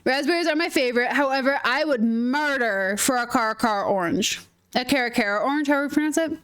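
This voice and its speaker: A young woman from northern Minnesota talks in a high, bright voice with a soft Minnesotan lilt. She chats freely while streaming a game, bubbly and giggly, hopping from thought to thought. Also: fast talker, clean tone. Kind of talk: casual gaming stream chat.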